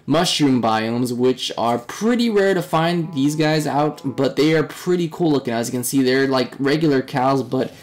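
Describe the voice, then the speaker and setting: A young man narrating a casual game walkthrough in a chatty, relaxed way, his voice a little hoarse and fading. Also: mid-range voice, normal speed, hardly any pauses. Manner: chatty, relaxed, with fillers and upbeat remarks. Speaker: game reviewer.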